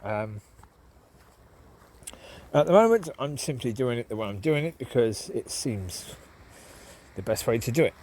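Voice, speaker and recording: Slightly slow and marked by long pauses, a man's mid-range, darkish, nasal voice swings widely in pitch as he rambles while walking his dogs in the woods. He calls out to the dogs and says um a lot in this casual walk-and-talk monologue, with slight background noise.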